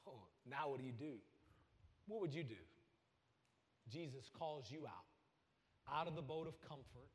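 A man preaching a sermon, swinging from loud bursts to hushed lines. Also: a little high, fairly quick, long reverb tail. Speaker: pastor.

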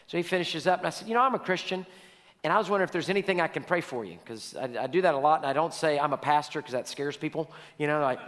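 A man's voice: a little high, fast, a bit bright, big-room sound. A male pastor preaching a sermon, telling stories and repeating key lines for emphasis.

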